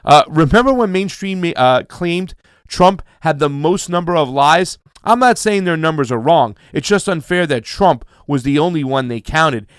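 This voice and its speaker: A man's voice: on the high side, animated, moderate pace, clear, resonant tone, no echo, studio quality. A man hosting a casual livestream, upbeat, thanking donors and urging viewers to share. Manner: hyped, reads donor names, calls viewers fam. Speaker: livestream host.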